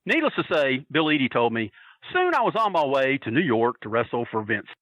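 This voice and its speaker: A man's voice: medium pitch, normal speed, dry recording. A man telling stories in a casual podcast chat, acting out the quoted lines of the people in them. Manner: animated, acts out quoted voices. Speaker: podcast guest. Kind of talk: casual storytelling. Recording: tinny phone-line audio.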